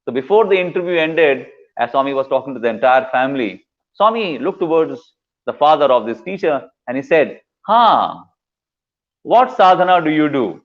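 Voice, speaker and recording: A man's voice: mid-range voice, lively intonation, a little fast, highs cut off. A man, a guest speaker giving a devotional storytelling talk in an earnest way, repeating words for emphasis. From India.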